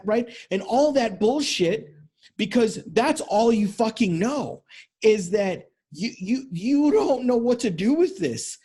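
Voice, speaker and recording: A man with a notably high voice delivers a motivational talk to men as a relationship coach. He is blunt and profane, and he keeps driving his points home by repeating them. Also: expressive, a little slow, a little mellow, husky. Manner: blunt and profane, with emphatic repetition.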